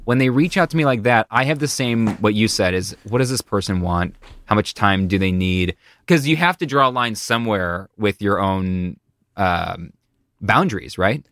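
Chatty low-voiced man hosting. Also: moderate pace, no echo. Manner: animated, chatty, stammering restarts. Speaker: interview host and speaker. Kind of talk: casual interview conversation.

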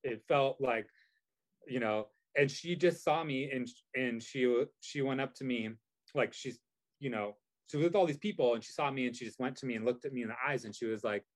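A man's voice: medium pitch, a little fast. Rambling man telling a story. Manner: rambling, many fillers and restarts. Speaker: guest. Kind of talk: casual storytelling chat.

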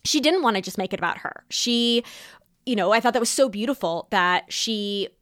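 A young adult woman hosting a podcast, talking in a chatty, animated way with quick asides. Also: fairly high pitch, dry recording, clean studio sound. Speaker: podcast host and style teacher. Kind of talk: casual podcast monologue.

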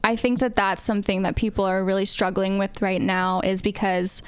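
A woman's voice: medium pitch, fairly even intonation, normal speed, smooth, dry recording. A woman co-hosting a podcast in casual chat. She is chatty and giggly, and sometimes trips over words. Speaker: podcast co-host.

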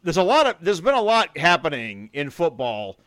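Stammering, chatty man with a bright voice. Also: fairly high pitch, big pitch swings, normal speed, dry recording. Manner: stammering restarts, laughs often, playful banter. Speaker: podcast co-host. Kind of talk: casual chat.

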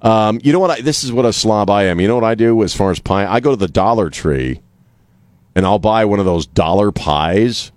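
A man's voice: on the low side, a little fast, darkish tone, no room sound, studio quality. A man hosting a talk radio show, rambling casually with many restarts and an irreverent streak. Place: radio studio. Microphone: studio mic.

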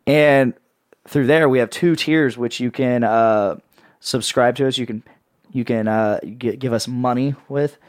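A man hosting a casual podcast, rambling through plugs with a playful sales-pitch delivery. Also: measured pace, smooth, dry recording, studio quality. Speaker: podcast host and network editor. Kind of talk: casual podcast chat with co-hosts.

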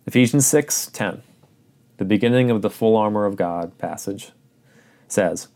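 A man's voice: fairly low pitch, unhurried, dark tone. A man preaching a sermon, earnest and urgent, repeating phrases for emphasis.

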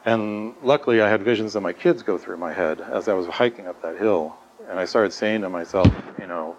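Earnest man recounting, low voice, lo-fi. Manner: earnest, halting, many fillers and restarts. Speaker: guest telling his story. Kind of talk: personal testimony. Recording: dull lo-fi sound with faint noise.

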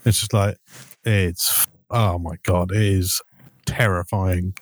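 Casting: deep-ish British guy, relaxed podcast co-host, dry room. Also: slow pace, no room sound. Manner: laid-back, casual swearing. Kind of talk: casual podcast chat.

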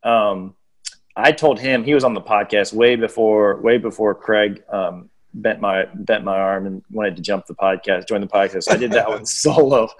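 Male podcast host, lower voice, chatty and rambling. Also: normal speed. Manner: chatty, rambling, playful asides. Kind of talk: casual podcast chat.

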